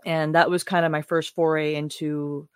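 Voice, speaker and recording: A woman in her forties, a podcast guest telling stories in an animated, casual way and laughing often. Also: low voice, normal speed, smooth, dry recording, studio quality. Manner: animated storytelling, frequent laughs. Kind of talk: casual conversation.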